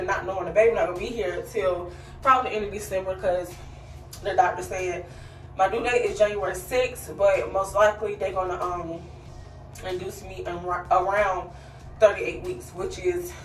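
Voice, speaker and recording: A woman's voice: medium pitch, distant mic. A young adult woman talks to her viewers in a chatty, casual way, calling them y'all, tired and a little out of breath. Her voice sits a bit back from the mic in a roomy, echoey space, with faint music underneath. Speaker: vlogger, mother of five. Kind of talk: casual vlog outro.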